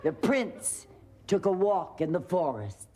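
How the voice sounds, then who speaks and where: An older woman playing a grandmother in a sitcom, telling a playful, animated bedtime story. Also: lowish voice, slow pace, slight background noise. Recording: sitcom studio audience laughter.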